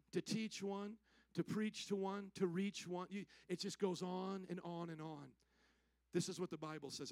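A man delivers a church sermon in a high voice, pushing the congregation with rhetorical questions and call-and-response refrains. The sound is close and dry, with almost no room echo. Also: a bit bright. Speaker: pastor.

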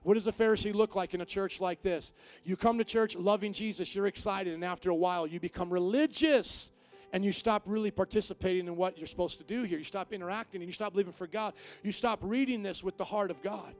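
A man pastor preaching a sermon with emphatic delivery, swinging between quiet and loud. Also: sits high, fast talker.

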